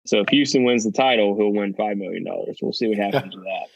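A man co-hosting a podcast, rambling through a story with lots of restarts. His voice sits low. The recording sounds dull and lo-fi, and dry. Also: fast, vocal fry, no room sound. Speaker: podcast co-host. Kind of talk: casual chat.

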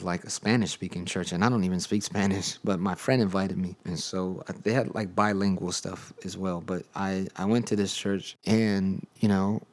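A young man hosting a podcast, telling his personal testimony in a loose, conversational way with lots of fillers. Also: deep voice. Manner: conversational storytelling with many fillers. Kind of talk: casual spoken testimony.

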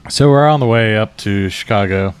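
A man's voice: lowish voice, normal speed, clean tone, no echo. A man co-hosting a racing podcast, laid-back as he tells a road story. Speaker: podcast co-host. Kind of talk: casual storytelling. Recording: faint background noise.

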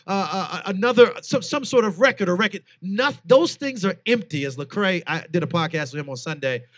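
Earnest storytelling man, slightly high voice. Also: a little fast. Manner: earnest, animated storytelling with frequent fillers. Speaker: guest author. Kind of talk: personal testimony in a conversation.

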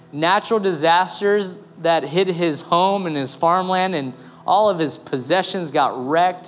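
A man preaching a sermon as pastor, animated and acting out the voices of people he quotes. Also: high voice. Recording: long hall reverb, faint music.

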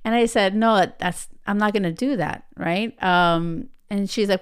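A US podcast host in her thirties, speaking in a clean-toned, mid-range voice at a moderate pace, shares a personal story. Her chatty delivery is packed with fillers and tag questions like "you know" and "right?"

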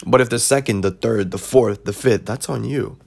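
Gravelly guy on his podcast lecturing about life, keeps going "right?", repeats himself. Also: mid-range voice, moderate pace, a little mellow. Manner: preachy, repetitive, keeps asking "right?". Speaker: podcast host. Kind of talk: casual advice monologue.

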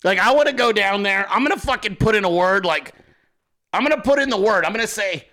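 A male host giving excitable, profane political commentary, laughing often as he talks. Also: high voice, fast. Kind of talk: casual commentary.

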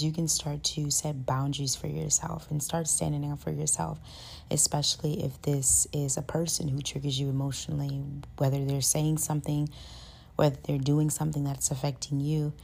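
A woman with a low, flat, gravelly voice that sounds husky and mellow hosts a self-help podcast, with a little hiss or hum in the recording. Her monologue is earnest and conversational, full of "like" and "you know," and she says her voice is high-pitched and gets loud when she's passionate.

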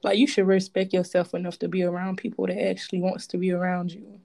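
A woman with co-hosting a casual chat, animated and slangy, laughing often. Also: on the low side, quick pace, creaky.

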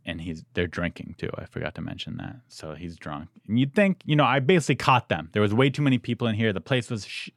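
A young man with a fairly low voice recounts a story in an animated, self-deprecating way. The sound is dry and close to the mic, and the feel is a casual podcast chat from a studio owner. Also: fast talker, creaky, hardly any pauses, no echo.

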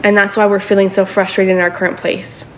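A woman's voice: mid-range voice, little pitch movement, fairly quick. A woman preaching a sermon in a casual, conversational way, often checking in with her listeners for agreement.

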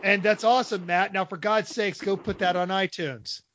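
A man's voice: high voice, steady tone, normal speed, a bit bright, a little hiss or hum. A man co-hosting a casual podcast, dropping wry jokey asides. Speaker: podcast host.

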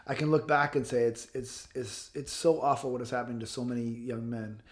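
A man's voice: mid-range voice, little pitch movement, a little fast. Blunt, fiery man in his fifties. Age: 50s. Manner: blunt, passionate, swears freely. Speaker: guest author. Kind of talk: casual interview talk.

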